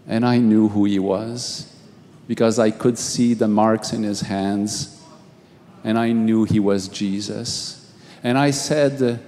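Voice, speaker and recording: Halting pastor in an echoing hall. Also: male voice, lowish voice, fairly even intonation. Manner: halting, repeats words, swings from hushed to raised. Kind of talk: testimony sermon. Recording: long hall reverb.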